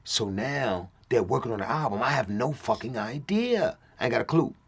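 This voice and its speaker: A man's voice: medium pitch, lively intonation, normal speed, creaky, breathy edge. A middle-aged man telling a profane story in casual talk, acting out other people's lines. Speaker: interview guest.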